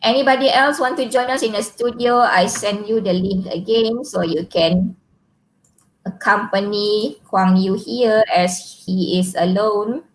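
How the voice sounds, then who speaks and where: Slow, patient Malaysian woman teacher. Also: medium pitch, steady tone, low-quality recording. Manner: patient, slow, repeats and quizzes students. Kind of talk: online physics class.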